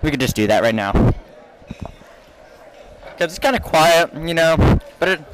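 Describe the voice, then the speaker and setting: A man's voice: on the high side, lively intonation, normal speed, fairly bright tone, slight background noise, poor audio. A teenage boy hosting a goofy casual chat with friends, using a playful mock-announcer delivery and a handheld mic outdoors. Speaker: host. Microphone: handheld mic passed around.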